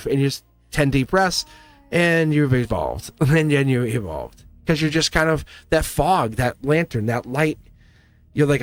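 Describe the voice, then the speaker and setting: A man's voice: on the high side, moderate pace, no room sound. A man with a Boston accent giving a casual, blunt live tarot reading, laughing often and swearing now and then. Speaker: tarot reader.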